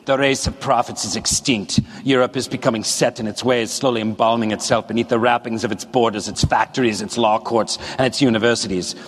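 A man voicing a grave European orator, reading a solemn text slowly in a put-on heavy German-style accent. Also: medium pitch, steady tone, slightly rough, voice pushed down, close to an everyday voice. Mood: grave declaiming. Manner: solemn slow declamation. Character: grave European male orator denouncing society. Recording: long reverb of a large hall.

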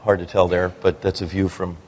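Lower-pitched man giving a rambling, anecdotal talk, echo of a big hall around him. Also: level tone, a little fast, darkish tone, husky. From New Jersey. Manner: rambling, frequent restarts and fillers. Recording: long reverb of a hall.

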